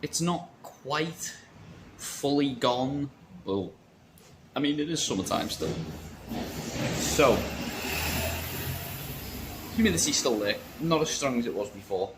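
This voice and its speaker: A man's voice: mid-range voice, lively intonation, takes it slowly, pauses often, noisy background. Rambling jokey man. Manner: rambling, jokey, self-mocking. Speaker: vape shop worker and vlogger. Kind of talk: casual shop vlog chat.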